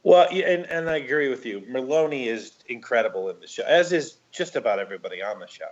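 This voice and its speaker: Man, podcast co-host, hesitant rambling chat, mid pitch, muffled lo-fi sound. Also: expressive, quick pace. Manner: rambling, hesitant, full of restarts. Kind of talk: casual chat.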